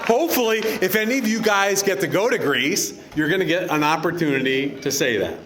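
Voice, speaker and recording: A man's voice: high-pitched, brisk, a little hiss or hum. A middle-aged man, father of the bride, giving a joking wedding reception speech and teaching the guests a greeting. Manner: lively, teaching the crowd a Greek greeting, joking. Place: outdoor wedding reception venue.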